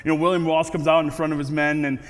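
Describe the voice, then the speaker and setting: A man's voice: a little high, level tone, racing. A man giving a casual, conversational sermon with frequent restarts and asides. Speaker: guest speaker. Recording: reverberant hall.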